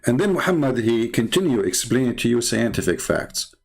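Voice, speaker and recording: A man's voice: mid-range voice, big pitch swings, fairly quick, gravelly, slightly rough. A man hosting a live online debate stream, sarcastic and mocking, speaking English with non-native grammar. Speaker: livestream host.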